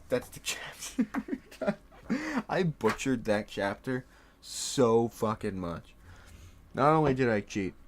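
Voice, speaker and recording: Playing a board game by himself, a young man with a medium-pitched voice narrates casually, laughing, swearing and chatting to his game pieces.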